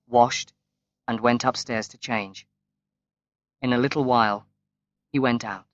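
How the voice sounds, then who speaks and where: A man reading a graded-reader story aloud as audiobook narration, slow and measured with long pauses. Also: medium pitch, fairly bright tone, no echo. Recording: dry, slightly dull lo-fi recording.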